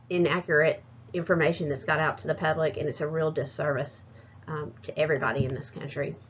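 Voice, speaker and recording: A woman's voice: low voice, a little hiss or hum. Hesitant woman presenting. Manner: hesitant, many fillers and restarts. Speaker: student presenter. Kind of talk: recorded class presentation. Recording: muffled lo-fi recording.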